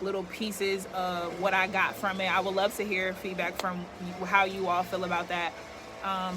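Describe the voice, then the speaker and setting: A young woman with a voice on the low side vlogs outdoors near yard work, candidly rambling and reflecting to camera with lots of filler words. Background noise is present.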